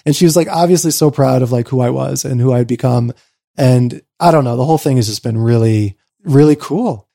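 A man telling a personal story in an interview, swinging between excited rushes and quiet reflective lows, with lots of "like" fillers. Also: creaky. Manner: frequent "like" fillers. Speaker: interview guest.

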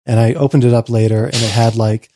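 Animated man with a mellow voice. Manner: animated, swings from excited rushes to quiet reflective lows; frequent "like" fillers. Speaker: interview guest. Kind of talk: personal storytelling in conversation.

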